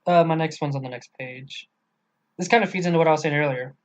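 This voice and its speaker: A man's voice: on the high side, fast, highs cut off. A man co-hosting a casual book discussion podcast, talking loosely with some swearing and reading quoted passages aloud. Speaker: podcast co-host.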